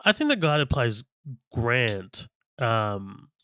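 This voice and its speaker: Laid-back man, smooth voice. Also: mid-range voice, slow. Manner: relaxed, laughs often, many fillers. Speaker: podcast co-host. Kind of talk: casual film-review chat.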